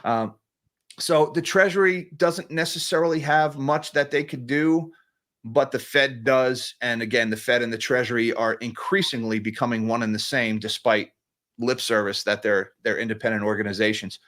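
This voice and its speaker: A man's voice: medium pitch, normal speed, a bit bright. A man hosting a casual livestream about economics, reading super chats with a sarcastic, chuckling manner and frequent restarts.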